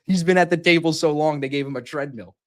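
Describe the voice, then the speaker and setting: Speaking fast in a fairly high-pitched voice, this podcast host spins a lengthy gambling yarn in casual conversation. His telling is animated and full of profanity, and he loudly performs each person's lines.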